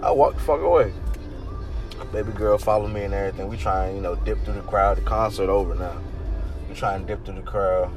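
A man hosting a podcast, telling a story casually with lots of swearing and animated laughter. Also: fairly low pitch, fairly quick, faint music behind. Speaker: podcast host.

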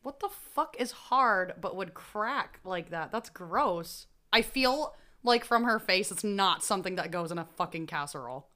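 A woman co-hosting a podcast, reacting loudly and swearing freely in casual chat. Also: mid-range voice, a little slow, few pauses. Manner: expressive, profane, reacts loudly. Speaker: podcast co-host.

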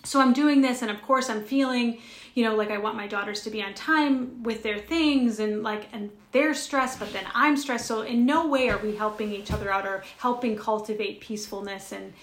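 A woman's voice: a little high, moderate pace, roomy sound. A woman co-hosting a spiritual chat show, telling a personal story in an earnest, rambling way with many restarts. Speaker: podcast co-host.

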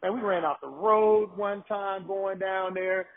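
Animated high-voiced man on a phone-like line. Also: unhurried, a crowd in the background. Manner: excited, animated storytelling with restarts. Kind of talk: casual storytelling chat.

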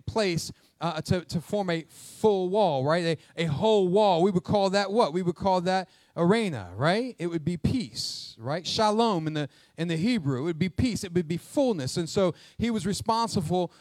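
High-voiced man preaching. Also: no room sound. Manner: energetic call-and-response preaching, asks the congregation questions; jokes aside in a quiet, quick low voice. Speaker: pastor. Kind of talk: sermon. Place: church sanctuary with congregation.

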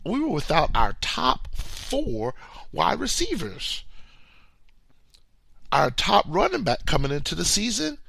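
A man talking sports on a podcast with a gravelly, creaky edge, his pitch swinging up and down as he teases his friends. He often stumbles and repeats his first words. The sound is close and dry, with no room echo. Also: slow, long pauses. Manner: animated, playful trash talk; repeats words when starting sentences. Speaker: podcast co-host. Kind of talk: casual sports talk.

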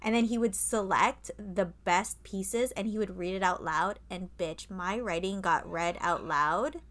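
A woman's voice: mid-range voice, unhurried, fairly bright tone. A woman co-hosting a podcast in casual chat, talking freely with lots of fillers and the odd swear word. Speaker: podcast co-host.

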